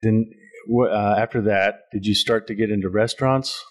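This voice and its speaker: A man's voice: on the low side, steady tone, moderate pace. A man hosting a podcast, asking his guest questions and chiming in with short agreements. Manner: short supportive interjections. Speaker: podcast host. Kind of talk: interviewing, brief backchannel.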